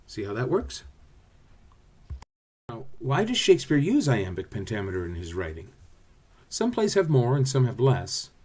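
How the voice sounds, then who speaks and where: A drama teacher giving a recorded lesson in a low, husky voice. His pitch moves a lot as he explains, so he sounds expressive. He talks the class through examples step by step.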